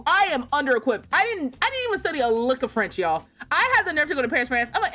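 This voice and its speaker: A young woman from the United States chats casually while she plays a game, her pitch swinging widely as she acts out what people said. She laughs often and keeps the story lively, with faint music playing behind her. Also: fast talker. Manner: animated, laughs often, acts out quoted voices. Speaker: streamer.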